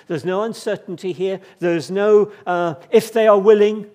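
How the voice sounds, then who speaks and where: Male preacher with a high voice, delivering a sermon with emphatic repetition and swings between quiet and fervent. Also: steady tone, normal speed.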